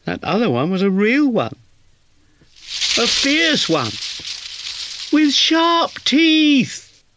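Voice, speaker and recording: A man voicing a tearful little female kitten, wailing and sobbing in a high voice. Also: wildly swooping pitch, slow, background noise, heavily acted. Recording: music behind.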